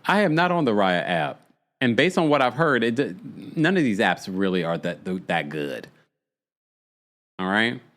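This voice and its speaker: A man hosting a podcast, casually recapping a reality show in animated, chatty commentary with frequent laughs and dramatic asides. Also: fairly low pitch, normal speed.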